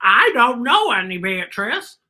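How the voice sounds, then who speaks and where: A high, cawing crow out of a picture book that squawks between its words, put on by a woman reading aloud. It sings up and down, unhurried, and the tone is bright and sharp. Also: big pitch swings, heavily acted. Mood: squawky. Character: squawking crow, parent feeding its chicks.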